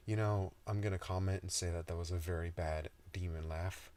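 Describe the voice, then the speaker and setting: A man's voice: low-pitched, fairly even intonation, brisk, hardly any pauses, darkish tone, a little hiss or hum. A man reading his own story aloud in a soothing style, with casual, joking asides.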